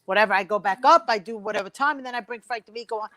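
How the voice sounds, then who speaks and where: High-voiced brash woman telling club stories. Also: racing, a bit bright, dry recording. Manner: brash profane storytelling, acting out other voices. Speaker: comedian guest. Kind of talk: storytelling round-table chat.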